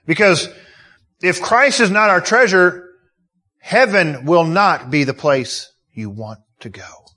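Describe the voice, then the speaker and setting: A man's voice: high voice, slow pace, sharp tone. A man preaching a sermon, emotional and full of rhetorical questions. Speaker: pastor.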